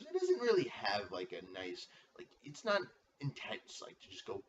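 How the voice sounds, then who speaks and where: A man hyping up his fantasy football league like a ring announcer, his voice swinging wildly up and down and sounding bright and cutting. He is recorded from a distance on dull, lo-fi audio with a faint hiss underneath. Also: mid-range voice, wildly swooping pitch, moderate pace. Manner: hype-man name announcing, stretched shouted intros and profane rants.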